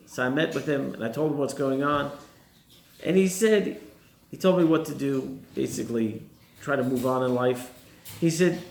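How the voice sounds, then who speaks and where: A man's voice: mid-range voice, moderate pace, gravelly. A man, a rabbi, giving a sermon and posing rhetorical questions to his listeners. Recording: roomy echo.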